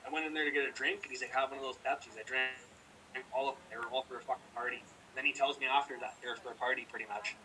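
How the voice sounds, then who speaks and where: Fast-talking man telling a heated story. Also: medium pitch, steady tone, sharp tone, recorded from a distance, a little hiss or hum, poor audio. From British Columbia, Canada. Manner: profane, rambling, heated. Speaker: podcast co-host. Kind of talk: casual storytelling chat.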